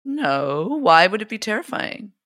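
A playful woman co-host bantering and teasing, her voice bright and her pitch lively. Dry close sound, with a slightly low pitch for a woman. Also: measured pace, no room sound. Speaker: podcast co-host. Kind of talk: casual chat.

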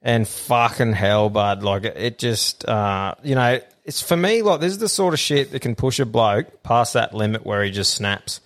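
A man co-hosting a podcast, telling stories in a loose, swearing, animated way. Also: mid-range voice, normal speed, hardly any pauses. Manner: profane, animated storyteller who acts out quotes. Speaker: podcast co-host. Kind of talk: casual chat.

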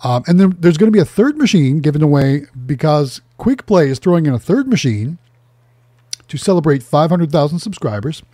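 A man co-hosting a livestream who talks up a giveaway in a fairly high, mellow voice. His voice is a little rough tonight, and he clears his throat and says "um" between points. The sound is dry and close. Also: sing-song, brisk, no echo. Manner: upbeat promotional, with throat-clearing and fillers. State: voice problems. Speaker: co-host.

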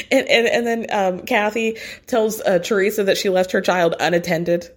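A chatty woman telling a friend-style recap of reality TV drama. She talks casually and with gossipy energy, laughs between stories and drops the odd curse word. Her voice sits at an ordinary middle pitch. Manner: gossipy, animated, laughs often, swears casually.

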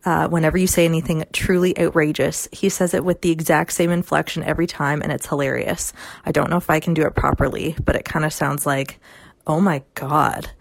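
A woman from Canada leaves a friendly voicemail, hesitating with ums. Her voice is low and gravelly. The sound is dry and close. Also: level tone, quick pace, no echo. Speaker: caller leaving a voicemail. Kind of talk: voicemail message.

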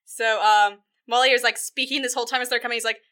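A woman's voice: on the high side, steady tone, quick pace, sharp tone. A woman in casual chat, animatedly retelling a film and acting out the characters in silly voices. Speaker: podcast co-host recapping a film.

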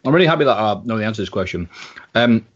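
A British man chats as a podcast guest, telling animated, swear-laced stories. His voice sits on the low side. The audio is a little dull and muffled. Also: very fast. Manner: animated storyteller, swears, slips into impressions. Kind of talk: casual podcast chat.

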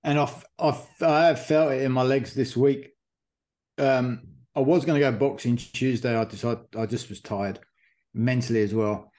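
A man's voice: medium pitch, steady tone, normal speed, a little mellow. A man hosting a running podcast, telling stories loosely with lots of fillers. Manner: rambling storyteller with many fillers. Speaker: podcast host. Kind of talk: casual chat.

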